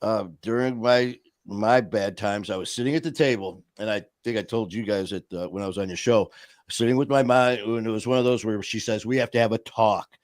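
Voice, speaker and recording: A man's voice: fairly low pitch, a little fast, no echo, studio quality. A man in casual podcast talk, earnestly telling a personal story.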